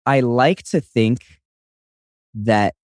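A man's voice: medium pitch, drawn-out words, darkish tone, no echo, studio quality. A young man co-hosting a podcast, rambling and joking in casual chat, swearing freely. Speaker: podcast co-host.

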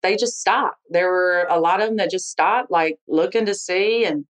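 A woman, telling a frank, animated story about her sports life in an interview. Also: on the low side, normal speed, poor audio. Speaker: interviewee, football official.

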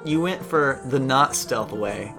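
A man narrates a tabletop adventure as game master, easygoing and quick to laugh. His voice sits in a middle range. Faint guitar music plays underneath. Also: mid-range voice, lively intonation. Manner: chatty, laughs often, easygoing.

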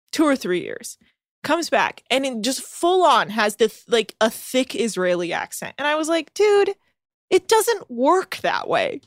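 A woman's voice: a little high, no room sound, clean studio sound. A young woman from the Bay Area co-hosting a podcast, recapping a reality show in casual, swearing chat full of mock quotes. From San Francisco Bay Area. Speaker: podcast co-host.

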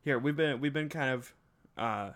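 A young man hosting a podcast in casual chat, making deadpan jokes as he talks. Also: mid-range voice, normal speed. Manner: joking, deadpan asides. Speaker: podcast host.

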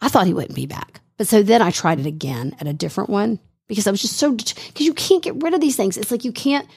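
Animated storytelling woman co-host. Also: medium pitch, fast talker, husky. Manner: animated storyteller, acts out quotes. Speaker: radio show co-host. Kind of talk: casual chat.

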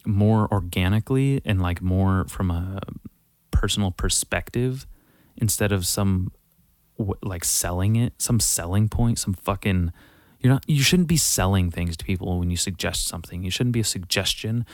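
A man's voice: deep voice, moderate pace, darkish tone, no room sound, clean studio sound. Rambling, foul-mouthed podcast man. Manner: rambling, swears constantly, self-correcting. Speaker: podcast host. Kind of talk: casual solo podcast monologue.

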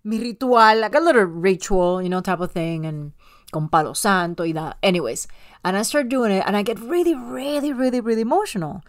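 Animated woman telling a story. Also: medium pitch, brisk. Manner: animated storyteller, many restarts. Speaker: podcast co-host. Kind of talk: casual chat.

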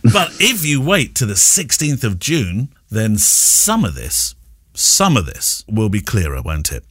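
Lively chatty man hosting a podcast. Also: on the low side, measured pace, husky. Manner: chatty, laughs often, rambling with restarts. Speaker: podcast host. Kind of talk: casual chat.

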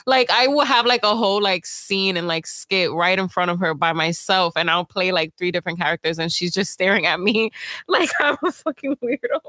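A woman's voice: mid-range voice, sharp tone, no echo. A young woman co-hosting a casual livestream, laughing easily as she chats. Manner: giggly, quick to crack up. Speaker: livestream co-host.

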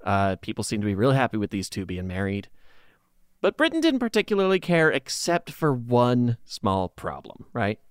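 A man's voice: medium pitch, clean tone, no echo, clean studio sound. A man co-hosting a podcast, telling history casually with profane, sarcastic asides. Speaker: podcast co-host.

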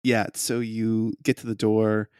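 A man narrating a tabletop game as game master, his voice mid-pitched and unhurried. He describes each scene slowly, with frequent fillers. The recording is dry and close. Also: completely flat delivery, darkish tone, clear, resonant tone, no room sound.

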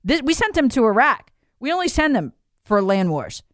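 An American political commentator, a woman from the United States, delivers emphatic, incredulous opinion commentary full of rhetorical questions. Her voice sits a little high with big pitch swings, and she speaks at a moderate pace. The recording is dry, with clean studio sound.

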